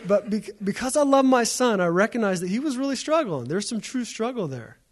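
A man's voice: high-pitched, very animated, fairly quick. A man preaching a sermon as a pastor, in a conversational storytelling way with repeated phrases.

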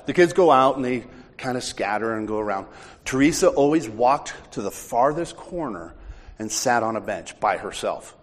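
A man's voice: mid-range voice, in a large hall. A man preaching a sermon, telling a personal story with impassioned, heartfelt delivery.

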